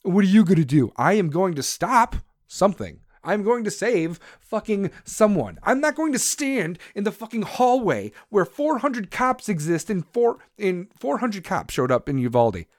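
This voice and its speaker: A man's voice: sits high, very animated, moderate pace, few pauses, no room sound, studio quality. A man delivering an angry, profane rant to camera, aggressive and swearing constantly. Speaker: vlogger.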